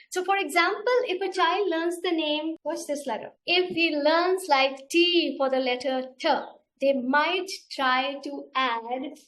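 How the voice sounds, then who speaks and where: A middle-aged woman with an Indian English accent leading an online teaching webinar, patiently demonstrating sounds and repeating each step. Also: high-pitched. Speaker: teacher trainer. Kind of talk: webinar instruction.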